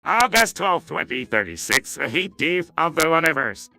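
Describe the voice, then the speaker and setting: An AI voice clone voicing an ominous announcer proclaiming a doomsday date. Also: male voice, on the high side, big pitch swings, normal speed, sharp tone, exaggerated voice.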